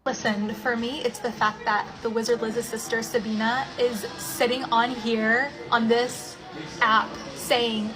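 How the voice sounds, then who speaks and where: Blunt sassy woman ranting, a bit high, music going behind her. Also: little pitch movement, measured pace, poor audio. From Egyptian family. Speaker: co-host. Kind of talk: drama commentary.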